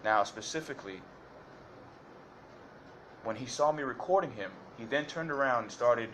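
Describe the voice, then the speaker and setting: A man's voice: medium pitch, animated, normal speed, a bit bright, a little hiss or hum. A man giving detailed courtroom testimony to a judge, hesitant and repetitive with many fillers and restarts. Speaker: defendant addressing a judge.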